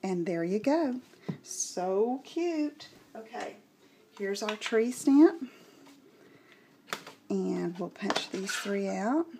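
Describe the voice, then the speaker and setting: A woman with a Texas Southern accent talks through a craft demonstration in a relaxed, unhurried way, thinking aloud as she goes. Her pitch sits in a middle range. A faint hiss runs under her voice, and soft clicks come from the tabletop. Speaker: craft tutorial host.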